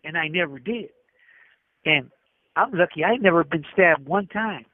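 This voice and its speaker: A man's voice: on the high side, animated, moderate pace, no echo. A middle-aged man, an inmate, telling a rambling story and acting out the dialogue with many restarts, over a phone call. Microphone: prison telephone. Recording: tinny dry phone line.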